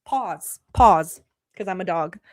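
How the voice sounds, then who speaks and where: A woman's voice: fairly low pitch, slow, no echo, studio quality. A woman from the Middle East, whose first language is not English, hosting a casual livestream and chatting with viewers in a teasing, talkative way. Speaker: livestream host reacting to videos.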